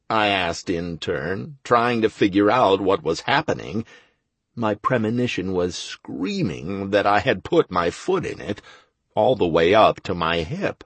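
A man reads a first-person fantasy story in an unhurried, husky voice that swings widely in pitch. His delivery is wry and expressive, recorded dry and close. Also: no echo. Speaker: audiobook narrator.

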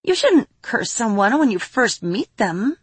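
Woman doing a demon princess girl, high, pleading, lively voice, dry close sound. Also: a little slow, breathy edge, no room sound, exaggerated voice. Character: young demon lord's daughter, polite, pouty.

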